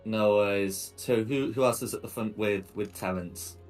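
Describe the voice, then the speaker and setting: A man narrating a tabletop game as game master, pausing often with fillers as he describes the scene. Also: fairly low pitch, a little mellow, faint music behind. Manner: hesitant, many fillers.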